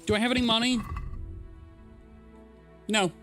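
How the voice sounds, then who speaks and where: A man's voice: extremely high pitch, fairly even intonation, measured pace, a bit bright, faint music behind. A young man streaming a game, chatting casually and swearing, laughing at the chaos. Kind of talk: casual gameplay commentary.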